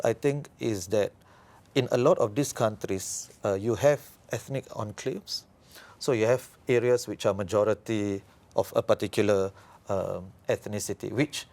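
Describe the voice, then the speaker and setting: A man, an expert guest explaining politics in a measured, analytical way with frequent fillers. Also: medium pitch, darkish tone. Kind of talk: explanatory interview talk.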